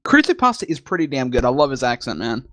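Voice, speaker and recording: A man co-hosting a loose chat, at an ordinary middle pitch, joking crudely and swearing freely. His voice sounds dry and close. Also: sing-song, quick pace, dry recording. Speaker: co-host. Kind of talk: casual chat.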